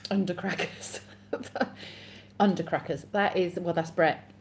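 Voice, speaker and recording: A woman's voice: on the low side, fairly even intonation, takes it slowly, a little hiss or hum. An English woman hosting a casual live stream, chatting and reading viewer comments aloud with frequent laughs. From England.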